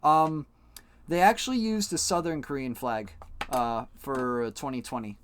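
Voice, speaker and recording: A man's voice: mid-range voice, moderate pace, fairly bright tone, slight background noise. Joking, rambling young male streamer. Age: young adult. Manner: joking, rambling, swears freely. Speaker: live streamer. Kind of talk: casual live-stream chat while coloring.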